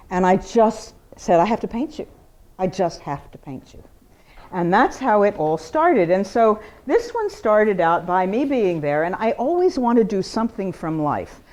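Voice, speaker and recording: A portrait painter gives an informal, chatty talk about her work to a live gallery audience. Her slightly mellow voice swings widely in pitch for emphasis.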